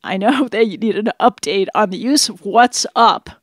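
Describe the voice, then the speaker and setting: A woman's voice: mid-range voice, normal speed, dry recording, clean studio sound. Teasing woman co-hosting a radio show. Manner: teasing, playful banter. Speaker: radio co-host. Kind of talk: casual chat. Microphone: studio headphones and mic.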